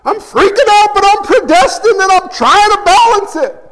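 A frantic, terrified man in hiding, his voice pushed up high and stammering as he spills out his fear, as a preacher acts him out. The sound rings with a long hall reverb. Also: lively intonation, normal speed, fairly bright tone. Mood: panicked.

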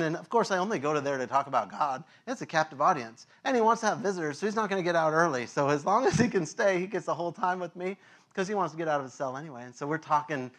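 Male pastor preaching, kinda high voice, super animated, does sound effects and laughs a lot. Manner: animated storyteller who acts out quotes and sound effects; frequent fillers and laughs. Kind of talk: sermon with a storytelling anecdote.

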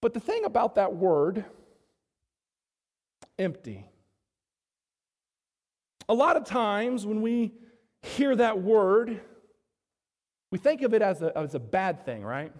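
A man preaching a sermon to his congregation, calling out to them for agreement and swinging between loud emphasis and quiet asides. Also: high-pitched, very animated, slow, pauses often, in a large hall. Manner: call-and-response, asking the congregation to agree. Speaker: pastor. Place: church.

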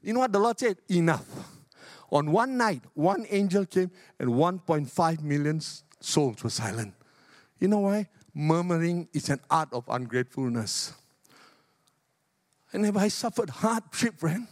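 An older man, a retired pastor, preaching a sermon with emphatic, repetitive phrasing and big swings in pitch. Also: lively intonation, moderate pace, no echo, studio quality.

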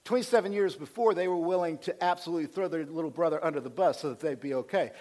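A male senior pastor preaching a sermon, retelling scripture in a lively, conversational way that swings between loud and soft. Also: on the high side, fast.

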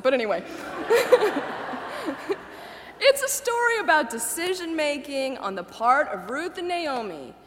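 A woman's voice: a little high, fairly bright tone. Chatty woman preacher in an echoey hall. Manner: conversational, laughs at her own asides. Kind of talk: sermon.

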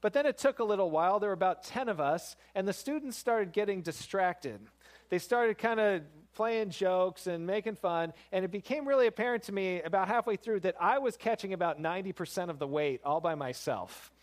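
A man's voice: high voice, lively intonation, fairly quick. Man preaching in a conversational tone. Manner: conversational, storytelling with rising emphasis. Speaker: pastor. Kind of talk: sermon.

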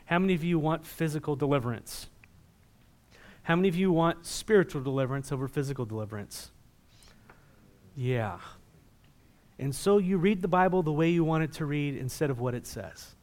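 Higher-voiced man preaching a sermon. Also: normal speed, pauses often. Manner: asks the congregation questions, rises loud when reading scripture. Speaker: pastor.

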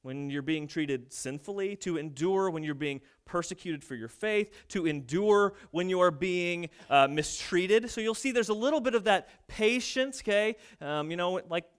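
A man's voice: high voice, normal speed, few pauses, clean tone. A man in his thirties preaching a sermon, telling family stories and acting out the voices of his kids and parents. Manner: storytelling, acts out quoted family voices. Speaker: pastor.

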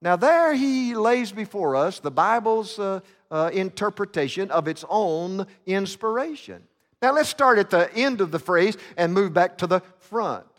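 A man's voice: sits high, expressive, a little slow. Preacher guy telling a story with lots of uh's, echoey church sound. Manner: dramatic storytelling with many fillers and restarts. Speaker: pastor. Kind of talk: sermon. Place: church sanctuary. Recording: long reverb of a church sanctuary.

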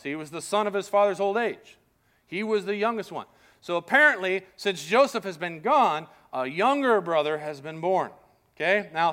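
A man pastor preaching a sermon in a casual, animated storytelling manner. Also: sits high.

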